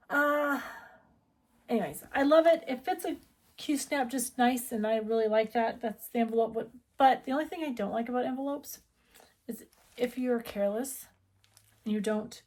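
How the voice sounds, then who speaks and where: Chatty, rambling woman with a fairly high voice. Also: a little mellow. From United States. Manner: chatty, rambling, self-interrupting. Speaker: needlework shop owner. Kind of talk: casual chat.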